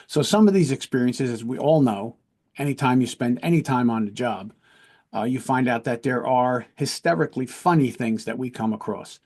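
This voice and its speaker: Male podcast host, mid-pitched, earnest and conversational, telling personal stories. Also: a little mellow. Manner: earnest, conversational, often checks in with "right?". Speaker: podcast host and police lieutenant. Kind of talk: casual storytelling.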